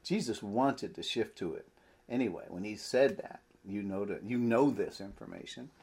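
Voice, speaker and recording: A man preaching a sermon, animated and full of rhetorical questions. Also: lowish voice, moderate pace, husky. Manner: animated, rhetorical questions, laughs mid-phrase.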